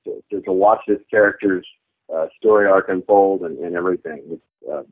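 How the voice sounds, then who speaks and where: A man in his thirties, a voice actor chatting in an interview, animated and laughing often as he slips into quick character voices. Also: low voice. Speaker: voice actor guest. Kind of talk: casual interview chat. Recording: tinny phone-like archive audio.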